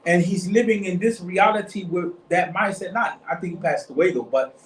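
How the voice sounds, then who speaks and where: His voice sits high and moves at a normal speed as he leads a small group through a loose religious discussion. This study circle leader wanders and repeats points, frequently checking "you see what I'm saying?", captured in an echoey room by a distant mic with a little noise.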